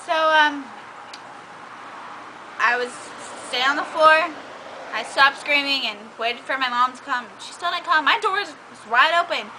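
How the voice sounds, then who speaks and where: Chatty young woman, high voice. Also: unhurried, sharp tone. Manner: chatty, bossy toward friend, lots of "like". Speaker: storyteller. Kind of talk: casual story time. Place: outdoors by a trash can. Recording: noisy outdoor recording.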